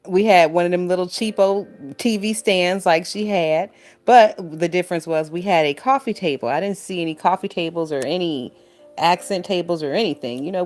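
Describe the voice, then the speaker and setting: A woman's voice: fairly low pitch, a little mellow. A young woman hosting a casual commentary stream, swearing, laughing and sounding exasperated as she reads chat comments. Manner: profane, exasperated, laughs a lot. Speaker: YouTube commentary host. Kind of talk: casual reaction commentary reading live chat. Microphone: phone.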